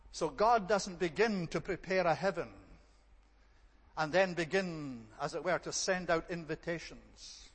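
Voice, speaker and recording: A man preaching a sermon in a church, earnest and emphatic, repeating phrases for stress. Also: a little high. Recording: long reverb of a large hall.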